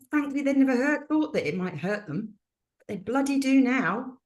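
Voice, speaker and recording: An older woman in casual interview chat, a former midwife explaining at length in a lively, animated way. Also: high-pitched, normal speed. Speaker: podcast guest, former midwife and author.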